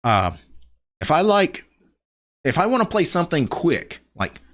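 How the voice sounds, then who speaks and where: A man's voice: fairly high pitch, very animated, a little slow, fairly bright tone. A middle-aged man from Louisiana with a Louisiana accent, hosting a casual live stream, chatting loosely, laughing often and reading viewer comments aloud.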